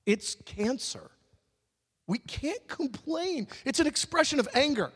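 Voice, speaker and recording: A male pastor delivers an animated sermon. His voice sits high and swings widely, often leaping up into loud emphasis. The sound carries the long reverb of a large hall. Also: unhurried, husky.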